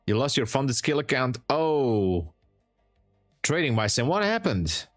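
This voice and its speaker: Hosting a live trading stream, this man speaks slowly but in a very animated, mid-range voice, with faint music behind him. He chats casually with viewers, laughs frequently, and encourages them with advice.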